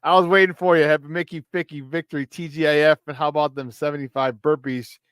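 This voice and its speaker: Brief: male sports talk show host, high-energy and laughing, dry close sound. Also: little pitch movement, quick pace, smooth, dry recording. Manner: hyped, shouting out chat viewers with frequent laughs.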